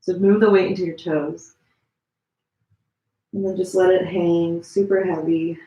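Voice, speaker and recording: A woman teaching a gentle yoga class, giving relaxed, chatty cues with many fillers while she demonstrates the poses, a little strained as she holds them. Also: lowish voice, a little slow. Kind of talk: live-streamed yoga class instruction. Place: room at home. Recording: echoey room.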